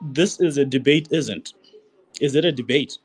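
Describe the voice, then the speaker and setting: A man calling in to a livestream debate, explaining his point in a halting, hesitant way with restarts. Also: mid-range voice, breathy edge. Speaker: caller.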